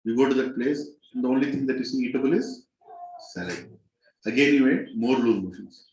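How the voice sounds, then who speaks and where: A man's voice: brisk, darkish tone, reverberant, highs cut off. Dramatic Indian English male teacher. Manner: dramatic, rises sharply in pitch and volume at tense moments. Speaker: spiritual teacher. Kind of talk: storytelling talk to a group.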